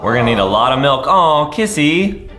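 A man co-hosting a gaming channel, giving upbeat gameplay commentary with quick exclamations. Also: mid-range voice, big pitch swings, over music.

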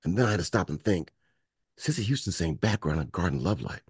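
A man's voice: low voice, brisk, breathy edge, dry recording, studio quality. A man from Michigan, a music producer and guest, telling stories in an interview and acting out the voices of people he quotes. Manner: animated storyteller acting out quotes. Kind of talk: storytelling interview.

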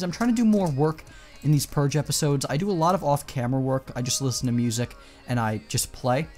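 Casual male gameplay commentator, chatty and rambling, mid-pitched, with faint music under him. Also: a little mellow. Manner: chatty, rambling, coaxing in-game animals.

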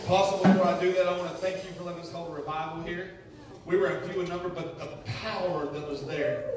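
Fervent evangelist man shouting praise. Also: high voice, steady tone, quick pace. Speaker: evangelist preacher. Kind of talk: preaching and praise. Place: church sanctuary. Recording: echoey church from a distant mic, with music.

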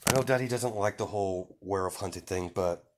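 A man's voice: fairly low pitch, quick pace, background noise, natural voice. A man voicing a brave, kind young woman who speaks earnestly and pleads.

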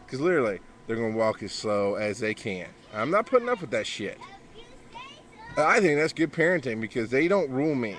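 Casting: bright-voiced man, blunt and profane vlog talk, outdoors, faint noise behind. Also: medium pitch, sing-song, fairly quick. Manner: blunt, profane, yells at his kids. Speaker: podcaster and father. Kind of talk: casual vlog monologue. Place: outdoors by a backyard pool.

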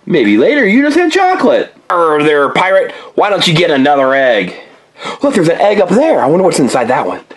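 A woman's voice: sits low, big pitch swings, a little fast, breathy edge. A woman hosting a playful toy unboxing for children, chatting with a child helper and throwing in pirate growls.

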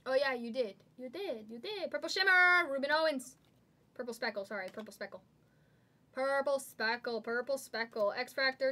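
A woman hosting a live trading card break, excitedly calling out each card as she pulls it. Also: high-pitched. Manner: excitable, calls out cards rapidly.

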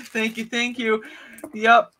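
A woman's voice: fairly high pitch, monotone, takes it slowly, bright, forceful tone, a little hiss or hum. A woman hosting a live jewelry auction stream, chatting casually, greeting viewers and laughing often.

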